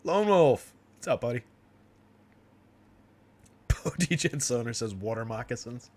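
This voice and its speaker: A man's voice: medium pitch, expressive, unhurried, a little mellow. A young man from New Jersey hosting a fantasy sports livestream, rambling in a casual, chatty way with frequent laughs and fillers. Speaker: fantasy sports stream host.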